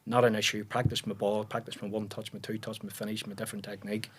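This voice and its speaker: A Northern Irish man in his forties talks in a low, easy register. He is a podcast guest spinning relaxed anecdotes, with plenty of fillers and false starts as he goes. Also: fast, slightly rough. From Northern Ireland. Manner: relaxed storyteller, frequent restarts and fillers. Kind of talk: casual podcast interview chat.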